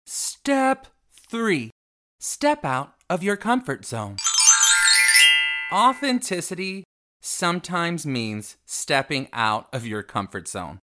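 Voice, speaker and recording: Man, self-help radio host, theatrical, says darling a lot, lively up-and-down pitch. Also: slow pace, over music. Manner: theatrical, calls listeners darling.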